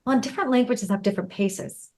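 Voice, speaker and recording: Higher voiced woman hosting a podcast, chatty, jumps in with examples. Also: mellow. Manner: chatty, quick to agree and add examples. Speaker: podcast host. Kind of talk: conversational interview.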